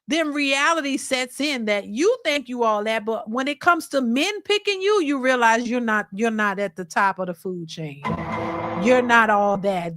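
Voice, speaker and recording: Brief: high-pitched woman host, blunt and lecturing, close dry sound. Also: a bit bright, no room sound. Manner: blunt and emphatic, lecturing the viewers; mocks others by quoting them in a put-on voice. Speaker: reaction channel host. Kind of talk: casual commentary to a live chat.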